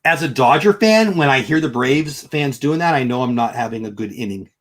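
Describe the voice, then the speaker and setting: Exasperated ranting man, husky and lively. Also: mid-range voice, brisk. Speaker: livestream host reading chat. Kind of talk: casual opinionated livestream chat.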